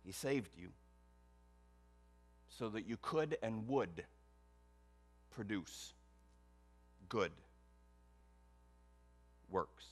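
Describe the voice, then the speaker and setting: A man's voice: on the low side, animated, drawn-out words, long pauses. A man preaching a sermon as pastor, emphatic, with rhetorical questions. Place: church.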